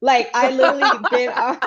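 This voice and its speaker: Brief: podcast host, woman, animated storyteller who laughs often, a bit high-pitched, dull lo-fi recording. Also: normal speed, slightly rough. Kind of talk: casual chat.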